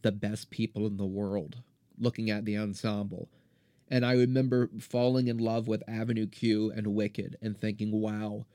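A man's voice: medium pitch, darkish tone, no room sound. A man in his thirties hosting a podcast, delivering an impassioned, indignant solo rant. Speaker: podcast host. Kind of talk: solo ranting monologue.

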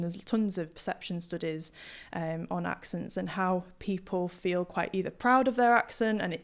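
A young woman with a Yorkshire accent tinged with Hull, a linguist talking through her ideas with lots of ums and restarts. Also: lowish voice. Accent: Yorkshire with some Hull. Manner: thoughtful, many fillers and restarts. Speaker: guest historical linguist. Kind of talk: casual podcast interview.

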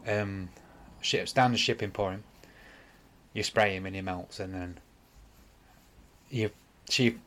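A man hosts a casual podcast in a low voice, rambling through a long retelling. He loses his place often, stops to correct himself and apologizes. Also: fairly even intonation, slow, pauses often, a bit bright, slight background noise. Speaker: podcast host. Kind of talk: casual chat.

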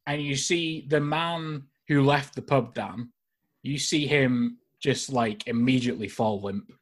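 A man with a mid-range voice narrates a tabletop game as dungeon master over a video call. His delivery is casual and halting, full of fillers.

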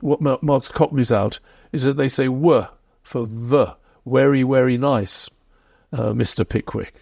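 Gravelly, husky man explaining history. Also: medium pitch, a little mellow, dry recording, clean studio sound. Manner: reflective, measured explaining. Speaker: historian guest. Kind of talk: podcast interview.

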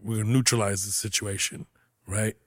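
A man hosting a comedy podcast, joking loudly and profanely in casual chat. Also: on the low side, fairly quick, dry recording, studio quality. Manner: loud, profane, animated joking. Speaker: podcast host.

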